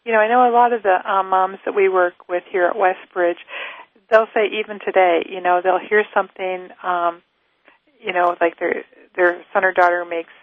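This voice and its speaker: A woman hosting a radio interview, speaking gently with many fillers and restarts. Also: on the low side, steady tone, moderate pace, no room sound, phone-quality sound. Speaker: radio show host.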